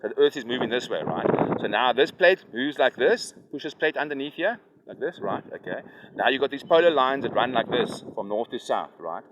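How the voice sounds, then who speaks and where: A man's voice: medium pitch, expressive, normal speed. A man explaining nature to a child outdoors by a river, rambling and often asking "right? you understand?". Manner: lecturing, keeps checking "right? you understand?". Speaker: environmental activist explaining to a child. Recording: loud wind noise outdoors.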